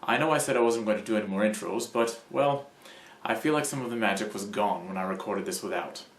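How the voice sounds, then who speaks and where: A man's voice: lowish voice, echoey room. A man doing a theatrical Mid-Atlantic accent to open a review. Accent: put-on Mid-Atlantic. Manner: mannered, theatrical. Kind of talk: scripted intro.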